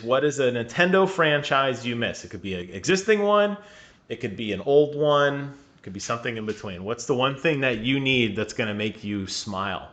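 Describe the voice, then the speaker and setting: A man co-hosting a gaming podcast in casual chat, animated and laughing often, asking questions. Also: medium pitch. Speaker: podcast co-host. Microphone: remote call mic.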